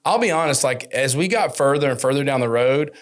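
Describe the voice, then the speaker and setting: A man talks shop on a business podcast, mid-range in pitch and loose in delivery. He tells stories with energy and jumps up in pitch whenever he acts out what customers and friends said. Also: fairly quick. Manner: animated storyteller, acts out quotes with rising pitch. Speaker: podcast host. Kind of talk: casual business podcast chat.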